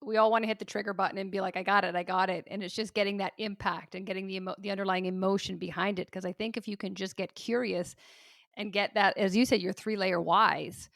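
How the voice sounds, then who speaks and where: A woman hosting a casual interview on a video call, thinking aloud with quick restarts. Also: mid-range voice, steady tone, gravelly, a bit bright, dry recording, studio quality. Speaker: podcast host.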